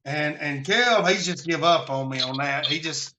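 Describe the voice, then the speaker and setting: Bright, high Alabama drawl. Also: male voice, moderate pace. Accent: Southern US, Alabama. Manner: folksy, rambling, chatty. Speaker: host of a live preparedness stream. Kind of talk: casual live-stream chat.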